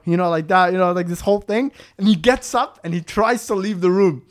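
A young man casually telling a story on a podcast, animated and full of "like", acting out the voices. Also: high-pitched, brisk, hardly any pauses. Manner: animated, acts out voices, lots of "like".

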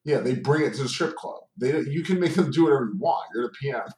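A man's voice: medium pitch, animated, fairly quick, darkish tone. A young man co-hosting a casual podcast chat, teasing, swearing freely and laughing a lot. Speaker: podcast co-host.

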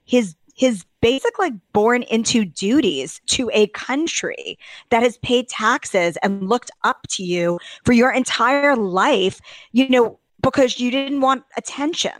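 Woman, podcast co-host, gossip chat, animated, fairly high voice, dry. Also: slow pace, no echo, low-quality recording. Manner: animated, exaggerated outrage, leaps to high pitch. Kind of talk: casual celebrity gossip chat.

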